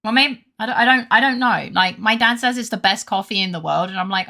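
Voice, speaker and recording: A woman's voice: mid-range voice, fast talker, creaky, hardly any pauses, bright, forceful tone. A woman streamer chatting casually during a game stream, rambling, swearing freely and going on rants. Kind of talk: casual gaming stream chat.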